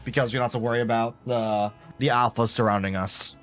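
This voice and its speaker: This male streamer talks fairly quickly in a mid-range voice with a fairly bright tone and even intonation. He offers casual gameplay commentary, chatting and wandering off-topic with his chat. Soft background music runs underneath.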